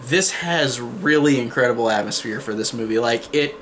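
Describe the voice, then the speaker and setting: A man's voice: mid-range voice, normal speed, fairly bright tone. Young guy rambling through a movie review, tons of likes and restarts, bit of faint noise behind. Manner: rambling, frequent fillers and restarts; mocking character voices when quoting. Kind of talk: casual spoken movie review.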